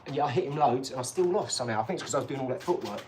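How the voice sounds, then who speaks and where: A man's voice: medium pitch, animated, racing, noisy background. A man, hosting a live stream, chatting in a rambling, boastful way, laughing at himself and sliding into boxing tips. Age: 40s. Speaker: channel host.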